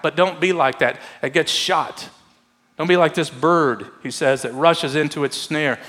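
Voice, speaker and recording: A male pastor preaching a sermon, earnest and pleading, sometimes dropping to a hush for emphasis. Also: a little high. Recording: long hall reverb.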